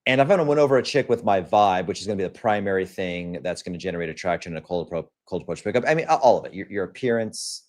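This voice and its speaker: A man's voice: deep voice, animated, racing, hardly any pauses, a little mellow. A young man hosting a livestream, talking bluntly and crudely in a casual rant, often acting out the lines of other people. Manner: blunt and profane, acts out quoted lines. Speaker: livestream host.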